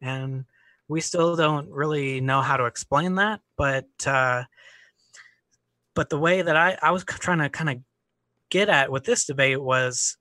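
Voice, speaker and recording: Bright-voiced young man thinking aloud. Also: a little high, measured pace, no room sound, studio quality. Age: young adult. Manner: hesitant, restarts sentences, thinks aloud. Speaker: debater. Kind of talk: casual spoken argument.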